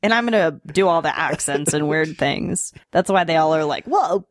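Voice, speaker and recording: Laughing, animated woman co-host. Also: sits low, normal speed, no echo, clean studio sound. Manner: laughs often, joking and profane. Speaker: podcast co-host. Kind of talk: casual comedic chat.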